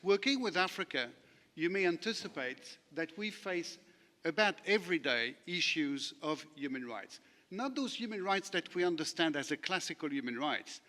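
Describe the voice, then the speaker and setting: A man's voice: on the high side, sharp tone, long reverb tail. A man from France with a French accent, a lawyer giving a self-deprecating, anecdotal conference talk. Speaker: panel speaker, lawyer. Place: large conference hall.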